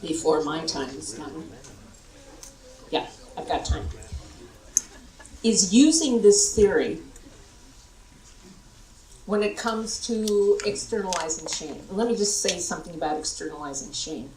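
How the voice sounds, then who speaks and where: A middle-aged American woman giving a lively conference workshop and demonstrating vocal tones to the audience. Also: on the low side, unhurried, pauses often, a little hiss or hum. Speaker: workshop presenter. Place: large conference hall. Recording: echoey hall, voice from far off.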